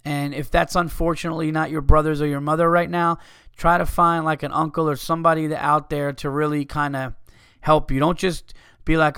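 A man's voice: on the high side, flat delivery, a little fast, fairly bright tone, smooth, dry recording, studio quality. A man hosting a podcast, reading listener messages aloud in a loose, profane, casual way and stumbling over the text.

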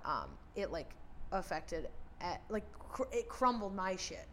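A woman's voice: lowish voice, big pitch swings, a little slow, slight background noise. A young woman in her twenties chatting candidly on a podcast, swearing freely and restarting her sentences. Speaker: podcast host. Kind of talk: casual podcast chat.

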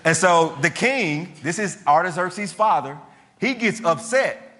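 A man preaching a sermon, retelling a scripture story in an animated, colloquial way full of slang. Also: high voice, measured pace. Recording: long hall reverb.

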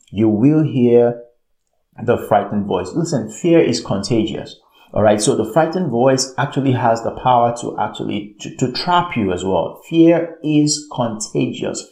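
A man's voice: medium pitch, warm tone. A man preaching a sermon in an emphatic way, repeating his phrases and often checking in with "all right". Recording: roomy echo.

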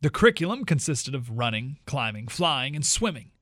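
A man hosting a talk radio show, reading a story aloud with quick asides. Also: mid-range voice, very animated, a bit bright, no room sound, clean studio sound.

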